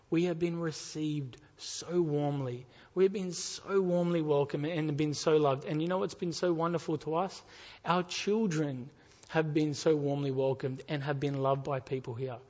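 A man's voice: on the high side, a little mellow. A man preaching a sermon in a church, emphatic, repeating key phrases and asking his listeners questions. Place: church hall. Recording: dull sound with long hall reverb.

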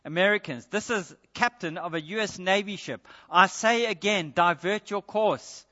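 A pompous, commanding male navy captain barking orders over the radio, as a preacher acts him out. The voice is bright and forceful, pushed higher and louder than usual. It rings through a long, reverberant hall on a dull, muffled recording. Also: normal speed. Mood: demanding. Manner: demanding, blustering, louder and higher.

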